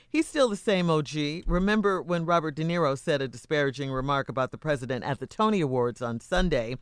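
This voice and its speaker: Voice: mid-range voice, a little fast, hardly any pauses, smooth, no echo, studio quality. A radio host reading news items and introducing the next segment. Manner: animated, laughing readily. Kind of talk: morning radio banter.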